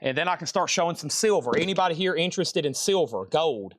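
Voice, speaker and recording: A man chats his way through a live sale stream, rambling and narrating his own tasks while a little winded. His voice sits on the higher side. It sounds close and dry, with no room around it. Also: lively intonation, quick pace, fairly bright tone, no room sound. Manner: rambling, talks to himself as he works. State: out of breath. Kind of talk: casual live-stream chat.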